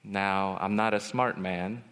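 A man giving a personal testimony as a retreat speaker, storytelling and swinging from hushed to loud. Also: low voice, fairly even intonation, takes it slowly, smooth. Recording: long hall reverb.

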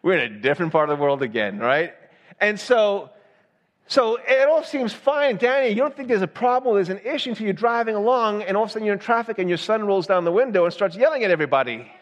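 A man with a fairly high voice preaches to his congregation in a chatty, conversational way. He keeps checking in with the listeners with "right?". His voice rings out in a long reverb from a large church hall. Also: animated, quick pace, lo-fi sound. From Southern United States. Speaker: pastor. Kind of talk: sermon.

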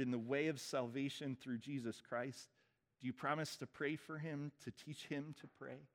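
A man as pastor, leading a baptism liturgy with relaxed, informal asides between the formal vows. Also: mid-range voice. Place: church sanctuary. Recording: reverberant church hall.

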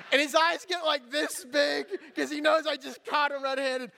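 High-voiced pastor preaching in a hall. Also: male voice, normal speed, hardly any pauses. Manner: animated, jokey storytelling with lively acted-out dialogue. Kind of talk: sermon storytelling. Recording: long reverb of a large hall.

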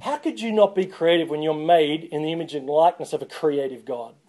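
A man preaching a sermon as a pastor, lively and joking, calling on the congregation to respond. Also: a little high, brisk.

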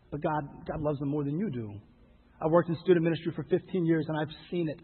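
A male pastor preaching a sermon, pleading with his listeners and rising to loud, impassioned exhortation. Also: on the high side, fast, breathy edge. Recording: phone-like sound with long hall reverb.

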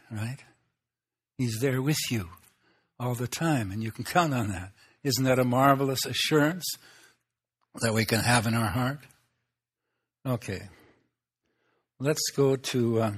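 A pastor from a Swedish Lutheran background preaches a sermon in a husky, medium-pitched voice. He's folksy and conversational, asking rhetorical questions and chuckling often.

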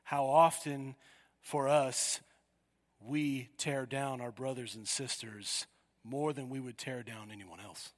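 A man's voice: mid-range voice, steady tone, takes it slowly. Preaching man, hall reverb. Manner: emphatic, rhetorical questions, swings from loud to hushed. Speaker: pastor. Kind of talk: sermon.

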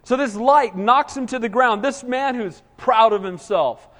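A man preaching a sermon in a church, animated, with frequent call-and-response. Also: very high voice, unhurried. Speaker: pastor. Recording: long hall reverb.

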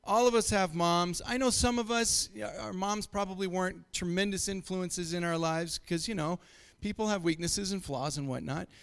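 A man's voice: high voice, normal speed, fairly bright tone, clear, resonant tone. A middle-aged man from Montana preaching a sermon, telling stories and chuckling often. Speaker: pastor.

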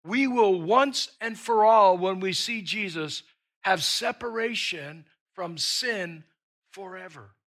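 A man's voice: high-pitched, slow pace, a bit bright. A man preaching a sermon as pastor, emphatic and repeating himself for stress. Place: church with an online audience.

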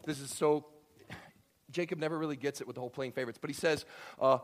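A man preaching a sermon, telling a story with lively acted-out voices and swinging from quiet to loud. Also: fairly high pitch, quick pace, long pauses. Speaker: pastor.

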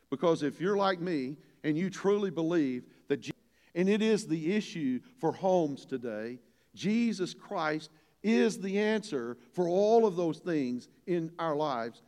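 Folksy older pastor in a reverberant hall. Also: male voice, a little high, animated, unhurried, darkish tone. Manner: folksy, earnest, rises to emphatic preaching. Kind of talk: sermon.

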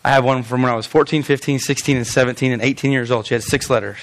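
A male pastor preaching a lively, conversational sermon, with frequent stammered restarts. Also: medium pitch, fast.

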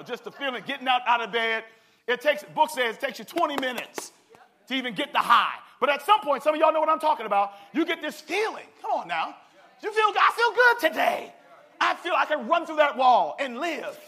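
Pastor, male, high bright voice, lively call-and-response preaching. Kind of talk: sermon.

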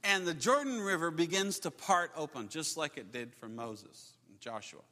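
A man preaching a sermon, telling the story with animated delivery, chuckles and acted-out quotes. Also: on the high side, moderate pace. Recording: long hall reverb.

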